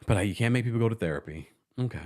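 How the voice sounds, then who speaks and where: A man's voice: on the low side, racing. A man giving a casual, chatty recap commentary, with a New York accent and a habit of acting out the people he quotes. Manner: animated, chatty, quotes people in lively mimicry. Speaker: recap host.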